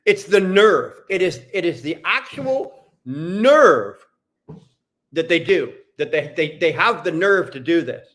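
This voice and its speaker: Man, from Canada, high-pitched, heated, cursing, repetitive livestream rant. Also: expressive, slow pace, fairly bright tone. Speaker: streamer.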